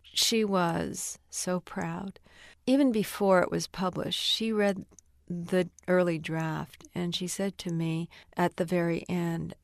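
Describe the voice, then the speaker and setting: An older woman novelist answering interview questions thoughtfully, pausing to search for words and laughing now and then. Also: on the low side, steady tone, gravelly, no room sound, clean studio sound. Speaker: novelist interviewed about her work.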